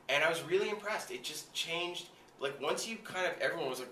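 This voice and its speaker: Guy rambling through set stories, bright voice, lots of "like", sounds a bit far off in an echoey room. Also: fairly high pitch, fast talker, hardly any pauses, a little hiss or hum. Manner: animated, heavy filler "like", frequent swearing. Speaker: guest recalling film work. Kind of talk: casual anecdote telling. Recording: roomy, distant mic with faint ambience.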